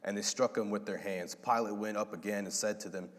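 A man preaching a sermon, animated and acting out the voices in his story. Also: on the low side, brisk. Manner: animated, acts out voices of God and Adam. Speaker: pastor. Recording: long hall reverb.

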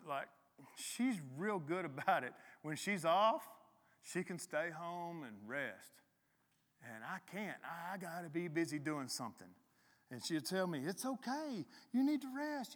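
A middle-aged man preaching a sermon in a relaxed, conversational way, often restarting his sentences. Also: a little high. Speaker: pastor. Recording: long reverb in a hall.

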